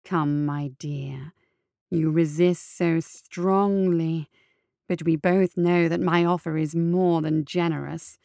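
A woman voicing a foul little man who courts a flower girl with slow, smooth words and snarls when crossed. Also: deep voice, steady tone, mellow, no room sound, clean studio sound, exaggerated voice. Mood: oily persuasion. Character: oily, menacing little man, a suitor.

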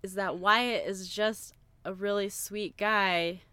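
A young woman co-hosting a podcast, casually retelling a horror film's plot in an animated way, with lots of "like" and the odd swear word. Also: mid-range voice, slow, clear, resonant tone, no echo. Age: young adult. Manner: animated storyteller, frequent "like", swearing. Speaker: podcast co-host.

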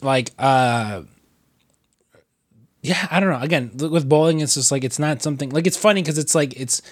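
A man's voice: fairly high pitch, normal speed, no echo. A man with a cold co-hosting a podcast, rambling in casual chat with lots of restarts and swearing. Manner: rambling, many restarts and fillers, profane. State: sick with a cold. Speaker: podcast co-host.

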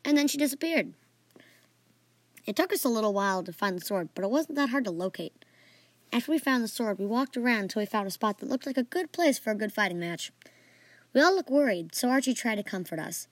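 A woman's voice: mid-range voice, dry recording. A woman narrating a playful, made-up adventure story in a casual way, adding sound effects and asides.

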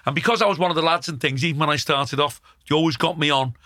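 A man's voice: fairly high pitch, fast, bright, forceful tone, no echo, clean studio sound. A middle-aged male comedian, telling blunt, sweary stories in casual chat. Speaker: comedian, podcast co-host.

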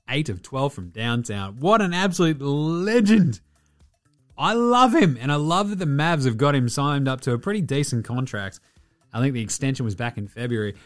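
Sweary, animated male podcast host. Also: fairly high pitch. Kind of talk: casual sports talk.

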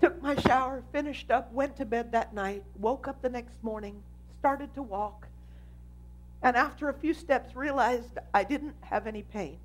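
Give me a woman pastor with a slightly high voice, preaching an emphatic testimony. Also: measured pace. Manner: animated storytelling, emphatic. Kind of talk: sermon testimony.

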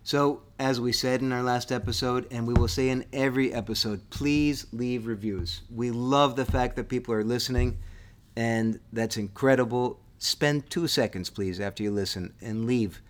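A man's voice: mid-range voice, steady tone, moderate pace. A man co-hosting a history podcast in casual chat, enthusiastic and eager as he wraps up the episode. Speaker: podcast co-host.

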